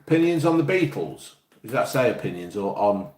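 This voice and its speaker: Lively, sweary man from the East Midlands. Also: lowish voice, a little fast, echoey room. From England, East Midlands. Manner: blunt, sweary, jokey. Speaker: live stream host. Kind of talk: casual chat reading viewer comments.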